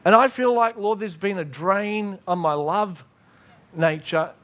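A man preaching a sermon, acting out his own prayers and God's replies in lively dialogue. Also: high voice, measured pace. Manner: animated, acts out dialogues with God.

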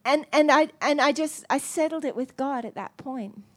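High-voiced woman preaching animatedly. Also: normal speed. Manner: animated, self-mocking storytelling. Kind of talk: storytelling sermon.

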